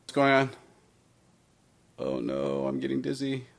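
A man's voice: mid-range voice, very animated, unhurried, creaky. A man teaching a recorded math lesson. He talks through each step, asking and answering his own questions with playful asides.

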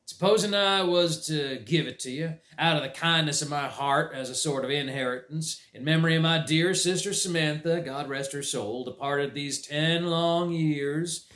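A man voicing a gruff, grasping middle-aged farmer uncle who talks in a slow drawl. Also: on the high side, fairly bright tone, natural voice. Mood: scheming. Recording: roomy echo.

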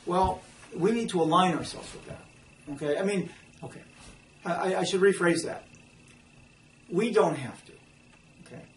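High-voiced man teaching a Bible class. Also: moderate pace, pauses often. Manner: animated, acts out quotes, frequent restarts. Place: church meeting room. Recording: echoey room, distant mic, faint noise.

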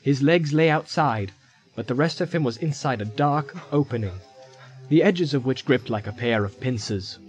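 A man giving dramatic fantasy audiobook narration in a measured, vivid storytelling manner. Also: mid-range voice, animated, low-quality recording. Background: music score.

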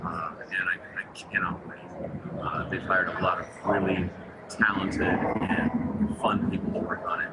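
A man's voice: low-pitched, flat delivery, a little slow. A man, a guest actor, chatting playfully and wryly from a convention venue over a remote line with music behind. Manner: playful, wry, self-deprecating. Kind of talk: casual chat on a remote call. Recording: noisy remote line with loud background.

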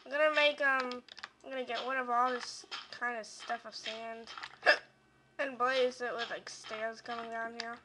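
A woman giving casual gameplay commentary while she keeps hiccuping, talking in halting, self-interrupting bursts. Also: fairly high pitch, little pitch movement, background noise.

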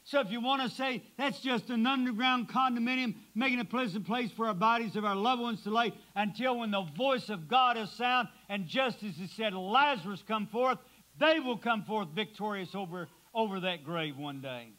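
High, bright-voiced preaching man. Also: moderate pace, low-quality recording. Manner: preaching with dramatic swings from loud to hushed. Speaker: pastor. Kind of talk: sermon. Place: church sanctuary.

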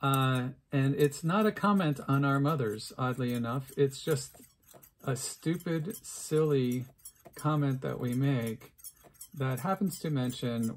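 A man's voice: mid-range voice, slow. Rambling, self-mocking man chatting while crafting. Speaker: crafts video host. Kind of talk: unscripted casual craft vlog.

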